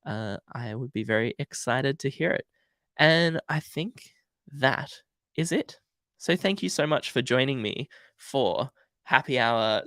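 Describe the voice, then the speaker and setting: A young man wraps up a coding livestream in a relaxed, chatty way, filling gaps with ums and uhs. His voice has a gravelly, sick-sounding edge from a cold, and the recording is close and dry with no room sound. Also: mid-range voice, no echo. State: sick, congested voice. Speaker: livestream host. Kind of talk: casual livestream outro.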